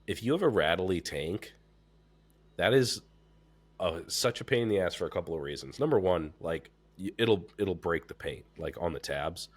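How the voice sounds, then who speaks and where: A man with a very deep voice, congested and stuffed up, chatting casually as a podcast host. He talks loosely, with plenty of fillers and swearing. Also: moderate pace. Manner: relaxed, swears freely, many fillers. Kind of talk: casual chat.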